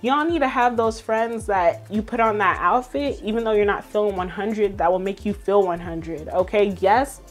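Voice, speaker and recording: A woman's voice: medium pitch, normal speed, hardly any pauses, soft background music. A young woman, talking straight to her viewers in a casual motivational vlog, sassy and emphatic, laughing often. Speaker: vlogger.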